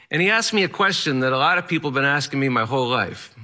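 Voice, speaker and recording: A man's voice: mid-range voice, lively intonation, fast talker, bright, forceful tone. A man telling a personal story on stage in vivid present tense, with a wry touch.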